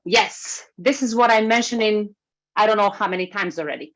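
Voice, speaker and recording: Woman giving a lively webinar talk. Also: medium pitch, brisk. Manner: lively, moves while speaking. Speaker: workshop speaker. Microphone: video call. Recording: slightly muffled video call recording.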